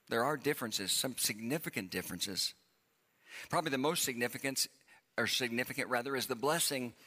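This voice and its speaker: A man preaches from the pulpit and reads scripture with drama, slowing down to stress key words. His voice is bright and forceful, at a mid pitch. It carries a long reverb through the church sanctuary. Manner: dramatic reading, slowing for emphasis. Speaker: pastor. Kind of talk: sermon with scripture reading.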